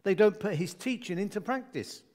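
A man's voice: sits high, animated, normal speed, a little mellow. A man preaching a sermon in a conversational, humorous way, with asides and jokes for his congregation.

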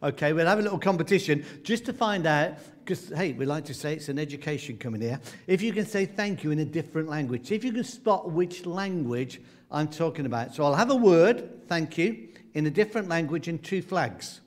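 A man's voice: on the high side, lively intonation, a little fast. A man leading a family church gathering, playfully running a quiz and coaxing children to raise their hands. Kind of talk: lively talk to a family congregation.

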